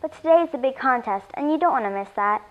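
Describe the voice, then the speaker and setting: A woman voicing a gentle, encouraging mother coaxing her child. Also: high voice, animated, fast talker, highs cut off.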